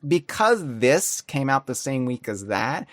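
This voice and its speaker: A man hosting a podcast, chatting casually and telling stories with excitable energy. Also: mid-range voice, a little slow, dry recording, clean studio sound. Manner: animated, excitable storytelling. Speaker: podcast host. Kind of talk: casual chat.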